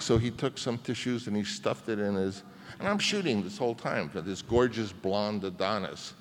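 A man's voice: on the low side, lively intonation, normal speed. A man in his seventies, a guest telling long, rambling anecdotes at a public conversation event, with frequent restarts. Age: 70s. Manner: rambling, with many restarts and fillers. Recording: reverberant hall.

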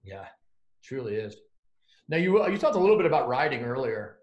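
A man's voice: mid-range voice, very animated, a little fast, muffled recording. Man hosting, roomy sound. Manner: hesitant, filler-heavy questioning. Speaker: podcast host. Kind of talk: casual podcast conversation. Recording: roomy echo.

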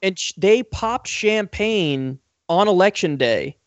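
A man's voice: sits high, animated, slow, dry recording, dull audio. A man hosting a political commentary talk show, ranting sarcastically and swearing freely.

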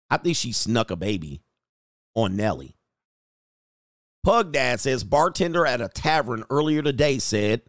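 A man's voice: medium pitch, dry recording, studio quality. A man hosting a livestream, reading viewer messages and giving mocking, preachy commentary in a casual tone. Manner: mocking, preachy, drawls words for effect. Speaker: livestream host reacting to news and reading super chats.

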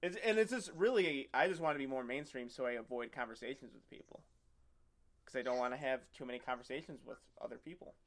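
A young man talking loosely with a co-host on a podcast. He rambles and jokes, and acts out both sides of his stories. His voice sits at an ordinary middle pitch. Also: quick pace, fairly bright tone. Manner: rambling, joking storyteller who acts out other people. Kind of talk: casual chat.

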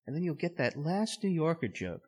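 A man's voice: on the high side, big pitch swings, a little fast, a little mellow, husky. A man co-hosting a casual chat about a TV show, joking and acting out lines. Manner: joking, acts out characters. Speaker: podcast co-host. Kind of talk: casual chat recapping a TV episode.

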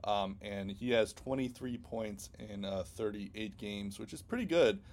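A man's voice: on the low side, measured pace, a little mellow. A man co-hosting a casual sports podcast, rambling with many ums and restarts. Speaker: podcast co-host.

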